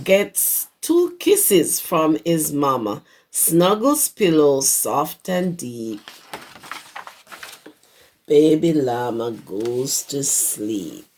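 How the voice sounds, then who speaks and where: A hoarse woman who teaches preschool, reading a picture book aloud to young children and stopping to explain words. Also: sits low, a little mellow, a little hiss or hum. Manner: explains words to small children as she reads. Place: her home.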